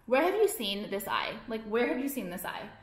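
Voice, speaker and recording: Young woman, ranting vlogger, swears a lot, exasperated, slightly high voice, echoey room. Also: big pitch swings, moderate pace. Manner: profane, exasperated, filler-heavy ranting. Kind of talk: casual ranting to camera.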